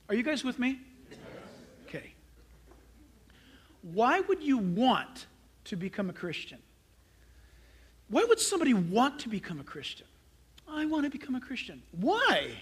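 A man's voice: extremely high pitch, sharp tone, breathy edge. A male pastor preaching a sermon, emphatic and direct, firing rhetorical questions at his congregation.

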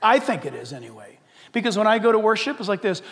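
A male pastor preaching an animated, conversational sermon with humor. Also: high-pitched, quick pace, long reverb tail, slight background noise.

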